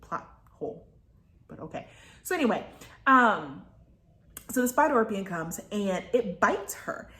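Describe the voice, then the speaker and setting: A woman's voice: medium pitch, very animated, measured pace, long pauses, bright, forceful tone. Female book reviewer, casual and chatty, rambling delivery, mid-range voice, roomy echo. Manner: rambling and chatty, with many fillers and asides.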